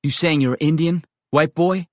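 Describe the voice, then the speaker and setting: A man voicing a gruff, commanding teenage gang leader in an audiobook, growling his words. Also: mid-range voice, fairly even intonation, unhurried, warm tone, no room sound, muffled recording, natural voice. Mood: hostile.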